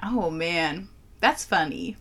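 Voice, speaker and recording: Bright-voiced young woman joking around. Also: on the low side, takes it slowly. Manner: joking, animated, crude humor. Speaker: podcast co-host. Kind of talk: casual chat, beer tasting.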